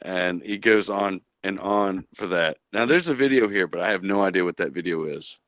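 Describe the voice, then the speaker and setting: A man's voice: sits low, moderate pace, fairly bright tone, dry recording. A man hosting a casual podcast, reading an article aloud with dry asides and chuckling at himself. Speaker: podcast host.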